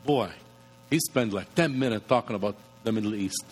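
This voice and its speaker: A man's voice: fairly low pitch, moderate pace, husky. A man, a guest speaker, giving practical advice in a plainspoken way with slightly nonstandard grammar. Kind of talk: conversational advice. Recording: reverberant room.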